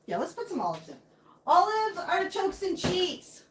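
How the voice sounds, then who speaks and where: A woman with a high, bright-pitched voice chats through a live stream from her home kitchen. She jokes and answers viewer comments out loud as she cooks. A faint hiss of background noise sits under her voice. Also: huge pitch swings, normal speed. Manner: chatty and joking, answering viewer comments aloud. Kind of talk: casual live-stream chat while cooking.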